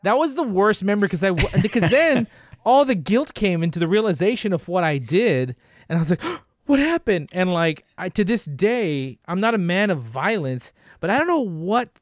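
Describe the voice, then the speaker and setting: A man's voice: high-pitched, lively intonation, moderate pace, no echo, clean studio sound. A man co-hosting a casual podcast, telling stories animatedly with laughs and swearing. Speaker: podcast co-host. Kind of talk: casual chat.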